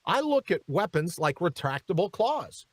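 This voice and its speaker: A man's voice: high voice, sing-song, moderate pace, dry recording. A man hosting a talk radio show, giving emphatic commentary and turning often to his co-host. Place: radio studio.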